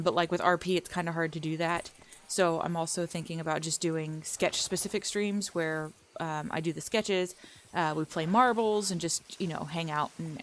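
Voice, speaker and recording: Chatty woman streamer, slightly low voice. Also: creaky, fairly bright tone, slight background noise. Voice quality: chatty, rambling, laughs often. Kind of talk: casual chat with viewers while gaming.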